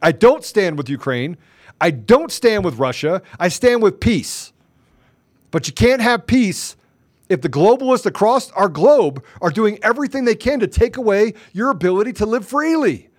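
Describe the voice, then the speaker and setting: A man's voice: high voice, very animated, normal speed, dry recording, studio quality. A man hosting a political talk show, delivering fervent, ranting commentary full of rhetorical questions.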